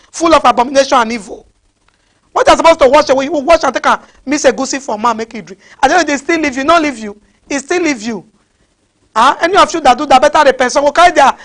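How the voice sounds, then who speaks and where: Nigerian lady preacher, high voice, scolding hard and firing off questions. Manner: scolding, repeated rhetorical questions. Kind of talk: fiery sermon.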